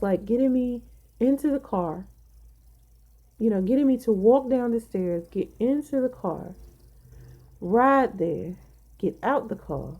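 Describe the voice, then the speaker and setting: A woman's voice: a little high, dark tone. A woman vlogger venting to her viewers in casual talk, blunt and emphatic, swearing freely, sounding tired.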